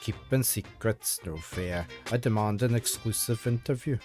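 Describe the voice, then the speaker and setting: A man's voice: lowish voice, normal speed, music in the background, lightly acted. Monokuma, a man voicing a teasing robot bear. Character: mischievous robot bear mascot, male, teasing.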